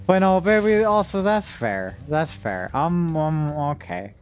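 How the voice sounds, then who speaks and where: A woman's voice: deep voice, sing-song, unhurried, few pauses, a little mellow, faint music behind. A woman streamer chatting casually with her viewers while gaming, rambling and emotional, with sudden frustrated outbursts.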